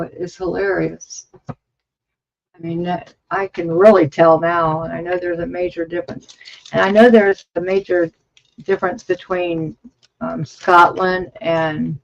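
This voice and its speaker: A woman's voice: fairly low pitch, level tone, slow, gravelly, long pauses, highs cut off. A woman in her fifties hosting a casual livestream from her home craft studio, rambling and chatty as she thinks aloud over her work. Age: 50s. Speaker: livestream host.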